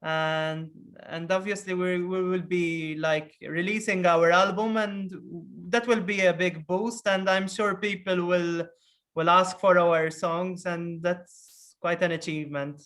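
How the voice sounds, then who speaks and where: Slow, hesitant Maltese-accented rock guitarist. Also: medium pitch, fairly even intonation, fairly bright tone. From Malta. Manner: hesitant, with frequent restarts and laughter. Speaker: rock band guitarist, guest. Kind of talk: casual interview chat.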